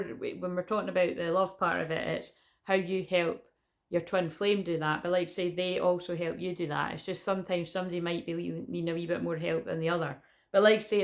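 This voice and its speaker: A Scottish woman talks straight to the camera in a loose, rambling vlog, jumping between half-finished thoughts. Her voice sits a little low, with a gravelly fry running through it. She swears casually and keeps circling back on herself. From Scotland. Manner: rambling, chatty, restarts often, swears casually. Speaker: psychic reader. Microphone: camera in front of her.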